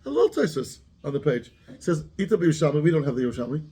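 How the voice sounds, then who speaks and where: A man's voice: a little high, lively intonation, rapid-fire, warm tone, breathy edge. A man, a rabbi giving a Torah class who keeps asking his students questions and mixes Hebrew terms into his English.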